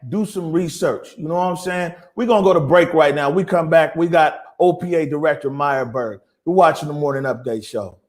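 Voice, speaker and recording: High-voiced man host delivering a pointed rant. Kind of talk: impassioned commentary.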